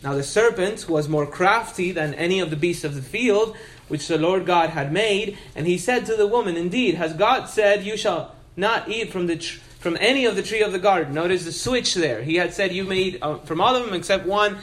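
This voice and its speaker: A man's voice: high-pitched, moderate pace, a bit bright. A male pastor preaching an expository sermon, reading scripture and explaining it with earnest emphasis.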